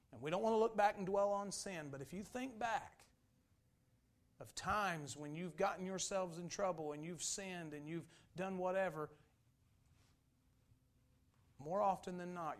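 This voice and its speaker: A man preaching a sermon as pastor, folksy and humorous, building to loud emphatic runs. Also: on the high side. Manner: humorous storytelling asides.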